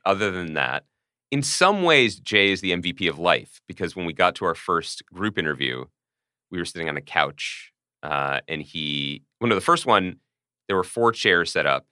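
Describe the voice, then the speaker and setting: A man with a notably deep voice co-hosts a casual podcast, telling stories with a wry, animated lilt. His tone is bright and forward, and the studio sound is dry and close. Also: normal speed, smooth, no echo. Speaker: podcast co-host. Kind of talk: casual chat.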